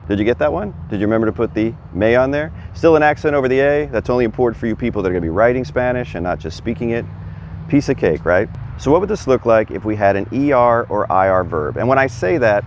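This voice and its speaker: Outdoors, a man with a lowish voice teaches Spanish in a casual, chatty video, recorded on a camera on a stand. He quizzes and encourages the viewer, and the audio has its highs cut off with a little hiss or hum.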